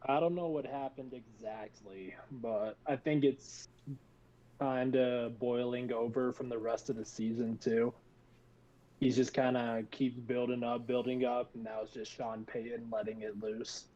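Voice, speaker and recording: A man with a mellow, dark tone joins a casual sports podcast. He explains his points in a measured way. His mic sounds dull and lo-fi. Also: mid-range voice, steady tone.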